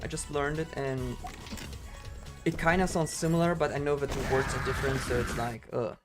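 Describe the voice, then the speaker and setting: Brief: male gaming streamer, casual rambling chat, clear game music in the background. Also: mid-range voice, fairly even intonation, normal speed. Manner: rambling, with many fillers and self-interruptions.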